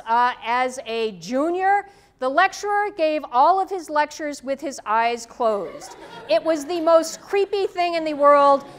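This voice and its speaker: Give me a woman professor with a high voice, speaking firmly and directly in a lecture room. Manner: firm, direct, frequent "okay?" check-ins. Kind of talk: classroom lecture. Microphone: microphone, tethered.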